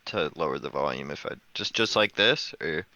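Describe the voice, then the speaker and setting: A man's voice: a bass voice, lively intonation, moderate pace, pushed and bright, dry recording, highs cut off. A man taking part in a trading coaching session, speaking hesitantly and casually. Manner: hesitant, many fillers and restarts. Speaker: coaching client, day trader. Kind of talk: casual conversation.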